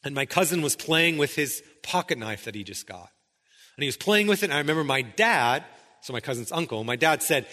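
A man's voice: medium pitch, animated, a little fast, bright, forceful tone, in a large hall. A male pastor preaching a sermon, emphatic, often checking in with "right?". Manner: emphatic, keeps asking "right?".

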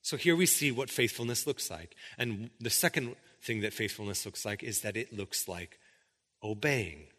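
A man's voice: fairly low pitch, moderate pace, fairly bright tone, big-room sound. A male pastor preaching a sermon, emphatic, often checking in with "right?". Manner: emphatic, keeps asking "right?".

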